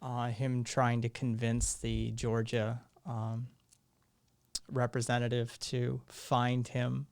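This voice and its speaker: A man hosting a live stream, his voice still hoarse, talking in a rambling, sardonic way and swearing freely. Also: mid-range voice, completely flat delivery, slow, darkish tone. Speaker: live-stream show host. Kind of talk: casual live-stream commentary.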